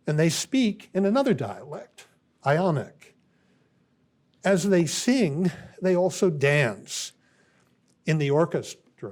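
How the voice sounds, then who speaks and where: Slow, pausing older male lecturer. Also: a little high, a little mellow. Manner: unhurried, thoughtful, pauses with um and uh. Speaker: university lecturer. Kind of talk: classroom lecture.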